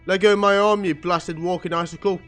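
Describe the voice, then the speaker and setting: A man reading a comic aloud, voicing a gruff, hairy young male brawler who grumbles and snaps. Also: a little high, fairly even intonation, unhurried, fairly bright tone, faint music behind. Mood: grumbling. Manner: grumbling, testy.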